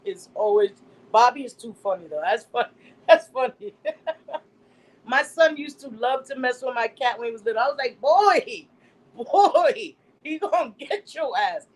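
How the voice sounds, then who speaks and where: A middle-aged woman hosting a casual live stream, reading chat comments aloud and telling stories in an animated way, laughing often. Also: a little high, moderate pace, rough recording. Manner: animated storytelling, laughs often, acts out quotes.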